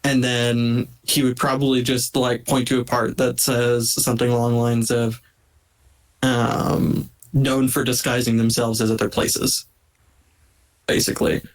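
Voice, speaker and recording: Man, tabletop player, mid-pitched voice, loose rambling delivery. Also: level tone, measured pace, poor audio. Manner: rambling, filler-heavy description of his character's actions. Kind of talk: casual tabletop game chat.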